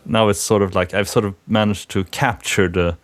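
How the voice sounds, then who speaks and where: A man's voice: fairly low pitch, fairly even intonation, moderate pace, no room sound. A man hosting a programming podcast, talking in a thoughtful, hesitant way with many fillers and restarts. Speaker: podcast host. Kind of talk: casual technical conversation.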